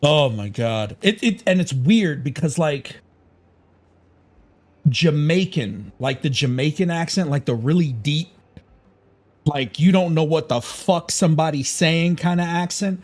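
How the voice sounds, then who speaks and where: A man's voice: on the high side, animated, unhurried, a little mellow. Rambling, foul-mouthed man streaming from Chicago. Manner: rambling, profane and opinionated. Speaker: gaming streamer. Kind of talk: casual livestream chat.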